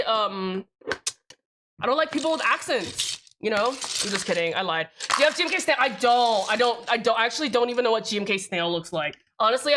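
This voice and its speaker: A woman's voice: fairly high pitch, fairly bright tone, slight background noise. A young woman livestreaming as she builds a keyboard, rambling casually, cutting herself off mid-thought, swearing freely and answering her chat.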